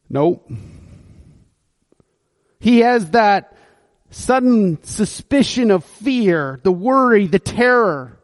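A pastor delivers his sermon in a high, bright-edged voice, taking his time over every phrase. He tells the story vividly and acts out the figures' lines himself. The sound is close and dry, with no room echo. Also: expressive, slow pace, pauses often.

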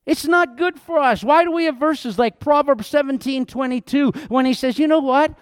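A man's voice: extremely high pitch, moderate pace, no echo, studio quality. A middle-aged man, a pastor, preaching an earnest, conversational sermon that rises into emphatic outbursts.

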